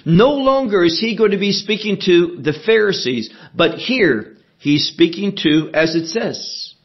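A man teaching a sermon verse by verse, measured and emphatic, asking questions and answering them himself. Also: sits high, animated, lo-fi sound. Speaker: preacher.

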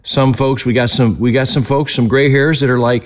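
A male interview host with a mid-pitched voice. He speaks with enthusiasm and draws his guest out with encouragement. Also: fairly even intonation, normal speed, hardly any pauses. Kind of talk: conversational interview.

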